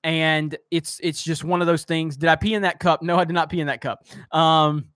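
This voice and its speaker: A man's voice: a little high, fairly even intonation, normal speed, fairly bright tone, no echo, clean studio sound. A man hosting a live stream, reading chat comments aloud and ranting heatedly, swearing at trolls. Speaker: host of a live-stream show.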